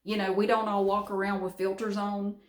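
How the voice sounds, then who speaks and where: A middle-aged woman with a Southern US drawl rambles frankly to her camera, dropping casual swear words. Her voice sits at an ordinary pitch. The room around her rings with noticeable echo. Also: level tone, a little fast. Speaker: vlogger. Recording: roomy echo.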